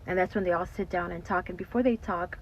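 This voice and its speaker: A woman telling a story in a casual, animated way, full of "like" and "you know". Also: lowish voice, fast talker, slight background noise, poor audio. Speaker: storytime host.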